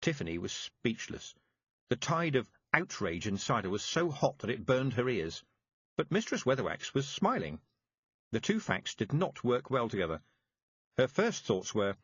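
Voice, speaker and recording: A man reading a story aloud, his voice husky and a little breathy, with lively pitch. The telling is measured. The recording is dry and dull, with little top end. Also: dry recording. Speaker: narrator. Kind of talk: audiobook reading.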